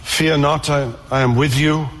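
A man's voice: on the high side, fairly even intonation, unhurried, fairly bright tone, long reverb tail, slight background noise. A man preaching a sermon with passion, repeating words and climbing to emphatic peaks.

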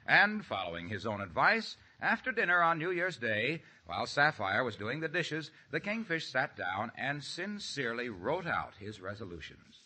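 Man, radio announcer, scripted narration, husky, very bright. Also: medium pitch, sing-song, moderate pace.

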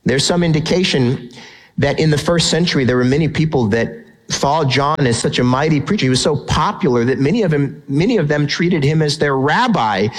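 A man's voice: fairly high pitch, slightly rough, rough recording. A man preaching a sermon in an emphatic, conversational way, often asking rhetorical questions. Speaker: pastor.

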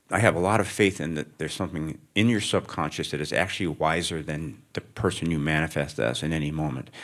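Deep-voiced man musing thoughtfully onstage. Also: a bit bright. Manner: thoughtful, rambling, self-interrupting. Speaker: writer guest. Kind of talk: onstage interview before students. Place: lecture room with student audience.

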